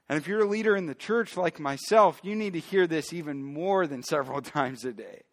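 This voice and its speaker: A male pastor preaching a sermon emphatically, moving between loud declarations and quiet, hushed asides. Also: mid-range voice, in a large hall.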